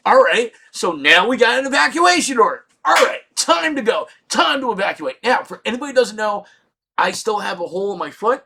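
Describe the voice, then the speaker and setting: A middle-aged man telling a comedic story with lots of swearing, shouting out his punchlines. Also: high-pitched, very animated, fairly quick, gravelly, husky.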